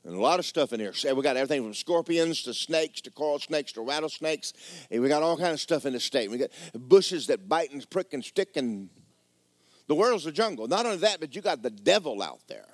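A man preaching a folksy, conversational sermon. He tells stories and drops into quiet asides. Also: on the high side, lively intonation, brisk, dry recording. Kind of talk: sermon with storytelling.

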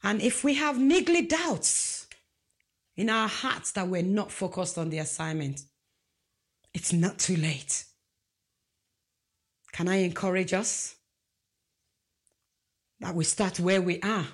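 Slow, deliberate woman preaching. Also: fairly low pitch, lively intonation. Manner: emphatic, rhetorical questions to the congregation. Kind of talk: sermon.

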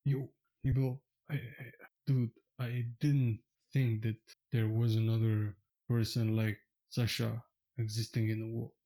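A mellow, casual little adventurer played by a man in a tabletop game. He talks loosely and says "dude". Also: medium pitch, little pitch movement, a little slow, natural voice, poor audio. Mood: amazed.

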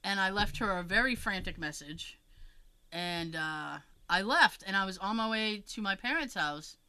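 A woman telling a story in a casual chat, animated and acting out the voices of the people in it, with frequent fillers and restarts. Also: medium pitch, moderate pace, clean tone, poor audio. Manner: animated, acts out quoted voices.

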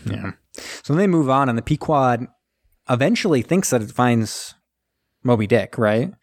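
A young man chatting on a podcast, telling a film's story in a joking, animated way and acting out the lines of the people in it. His voice sits at an ordinary middle pitch. It is recorded dry, with no room around it. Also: unhurried, dry recording. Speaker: podcast co-host. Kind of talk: casual movie recap chat.

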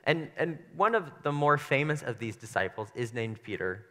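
A young man preaching in a church, his voice bright and forward, carrying a long reverb through the hall. He talks in a loose, conversational way, playful and self-deprecating. He keeps slipping into little voices to act out scenes. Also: medium pitch, animated, moderate pace. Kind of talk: casual conversational sermon. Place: church sanctuary.

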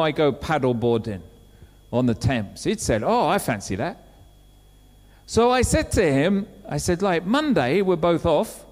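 A man preaching a sermon, telling a story with lively acted-out quotes. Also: fairly high pitch. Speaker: pastor. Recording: long hall reverb.

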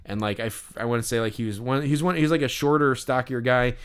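Man, podcast co-host, casual storytelling, rambling, smooth voice. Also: medium pitch, fast. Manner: rambling, lots of fillers and restarts; animated when telling stories.

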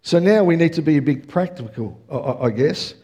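A man's voice: fairly high pitch, brisk, husky. A middle-aged man preaching a conversational sermon, often checking in with the congregation. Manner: energetic, conversational preaching with audience check-ins. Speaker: pastor.

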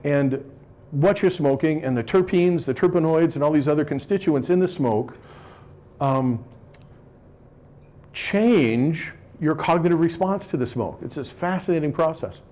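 A man's voice: on the high side, a little slow, dark tone. Wry man lecturing, lo-fi recording. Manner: wry, clears his throat often. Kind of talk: joking lecture to a live audience. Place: room with an audience. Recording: slightly dull lo-fi recording.

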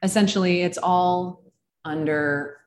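A young adult woman, an actor appearing as a podcast guest, explaining things in a calm, measured way. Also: lowish voice, a little hiss or hum. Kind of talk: casual chat.

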